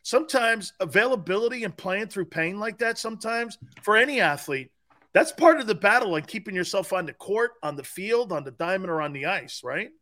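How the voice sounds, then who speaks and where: A man's voice: high-pitched, brisk. A man co-hosting a sports talk show, telling stories animatedly and tossing in "man" and "dude" as he goes. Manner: animated storyteller, peppers speech with "man" and "dude". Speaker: sports radio co-host.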